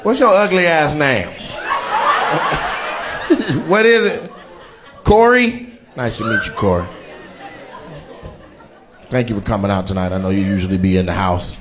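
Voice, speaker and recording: A man's voice: fairly low pitch, lively intonation, measured pace, long pauses, noisy background. A male stand-up comedian doing profane crowd work, roasting audience members with brash teasing. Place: comedy venue with a live audience. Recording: live audience laughter and cheering.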